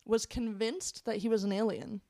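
A woman's voice: on the high side, fairly even intonation, normal speed, warm tone. A woman hosting a casual podcast, reading out a countdown list in a chatty way, with fillers and casual swearing.

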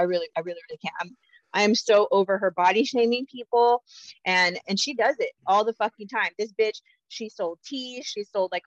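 A woman's voice: mid-range voice, no room sound. A woman co-hosting a casual pop culture podcast, ranting heatedly and swearing constantly. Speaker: podcast co-host. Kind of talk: casual chat. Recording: dull lo-fi dry sound.

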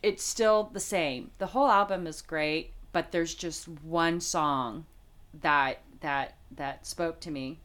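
Halting, heartfelt middle-aged woman, lower voice. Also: fairly bright tone. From Las Vegas, United States. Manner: heartfelt, halting, many fillers and restarts. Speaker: interview guest. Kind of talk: personal faith testimony in conversation.

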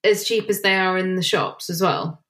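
Woman co-host, animated, laughs easily, slightly low voice. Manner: animated, quick to laugh, many fillers. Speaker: podcast co-host. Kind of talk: casual chat.

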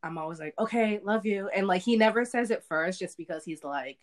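A woman's voice: mid-range voice, a little fast. A young adult woman from a Haitian family, telling family stories in casual chat and acting out what relatives said. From Haitian family in Boston area. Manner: animated storyteller, acts out relatives' lines.

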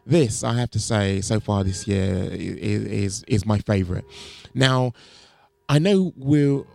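A man's voice: on the low side, measured pace, creaky, a little mellow. A man co-hosting an MMA show, rambling through fight picks with many fillers and restarts. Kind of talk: casual fight-pick chat.

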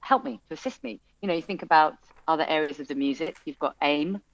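A woman's voice: low-pitched, quick pace, gravelly, muffled recording. A woman who runs a music venue, telling her story in an interview with lots of fillers and restarts. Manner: chatty, animated storytelling with many fillers and restarts. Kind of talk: interview conversation.

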